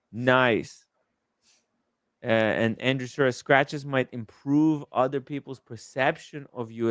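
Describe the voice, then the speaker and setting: A man's voice: medium pitch, clear, resonant tone, no room sound, clean studio sound. Joking man hosting a live chat. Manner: relaxed, joking, reads out viewer comments. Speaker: livestream host.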